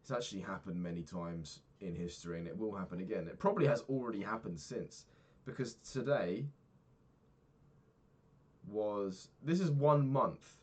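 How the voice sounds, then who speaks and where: A man's voice: lowish voice, normal speed, darkish tone, slightly rough. A young man talking through his day in a candid, rambling diary vlog, swearing freely. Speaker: vlogger.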